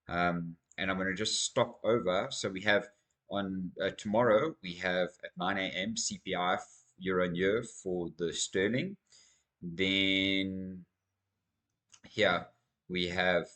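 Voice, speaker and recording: A man hosting his own crypto channel, with a fairly low voice. He talks to his viewers in an energetic, rambling manner, calling them guys as he walks through market data at his desk. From South Africa. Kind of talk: casual market commentary to camera.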